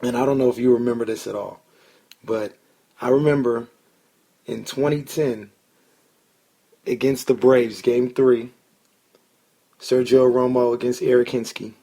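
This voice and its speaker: A gravelly man hosts a casual sports podcast. His voice is husky and a little rough. He tells stories excitedly and curses when he gets fired up. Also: mid-range voice, a little slow, pauses often. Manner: excitable storyteller, swears when worked up. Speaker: podcast host.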